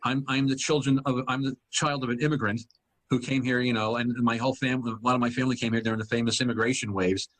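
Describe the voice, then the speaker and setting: A man in his sixties, a guest comedian telling stories in a casual chat, quick and animated. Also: medium pitch. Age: 60s.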